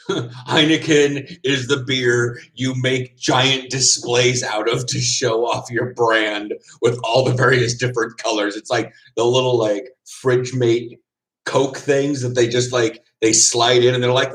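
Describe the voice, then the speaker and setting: Slow-talking wry man chatting casually. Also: medium pitch, fairly even intonation, fairly bright tone, low-quality recording. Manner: wry, sarcastic, laughs often. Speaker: vlogger. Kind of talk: casual chat.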